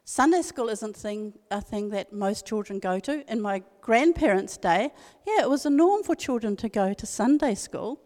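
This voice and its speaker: Older New woman, slightly high voice, earnest emphatic church talk, long hall reverb. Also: expressive, moderate pace, few pauses, darkish tone. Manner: earnest, emphatic, repeats key phrases. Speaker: speaker at a women's church meeting. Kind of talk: devotional talk with personal story.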